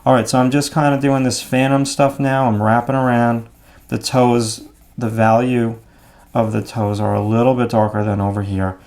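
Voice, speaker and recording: A man explaining his drawing steps out loud as he works, in a relaxed, thinking-aloud way. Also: medium pitch, moderate pace. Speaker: art instructor. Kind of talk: drawing demonstration.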